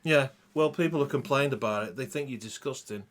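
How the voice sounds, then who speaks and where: A man's voice: medium pitch, fairly quick. A man hosting a crude comedy podcast, teasing his co-hosts in a mock-dramatic, sweary way. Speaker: podcast host.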